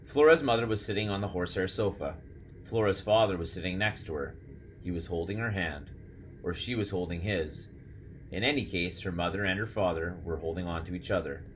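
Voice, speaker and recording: A male narrator reads a storybook in a steady, measured way. His voice sits on the low side, and a faint noise lies behind it. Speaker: audiobook narrator. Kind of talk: scripted narration.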